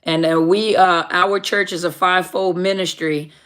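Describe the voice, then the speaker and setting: A woman's voice: fairly low pitch, fairly even intonation, moderate pace, fairly bright tone. A woman minister hosting a live question-and-answer stream, chatting casually and greeting viewers by name. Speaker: livestream host and minister.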